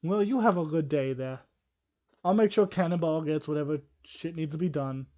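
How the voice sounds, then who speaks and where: A man's voice: on the high side, moderate pace, darkish tone, dull audio, lightly acted. A man voicing a menacing, smug female guild boss with shark teeth in a tabletop game. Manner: smug, threatening.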